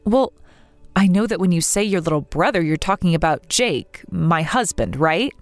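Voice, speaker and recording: A young wife in mourning , voiced by a woman reading a text story, who speaks earnestly, pleading and indignant. Her pitch moves a lot, and the sound is dry, with soft music in the background. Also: lively intonation, moderate pace, no echo. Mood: hurt.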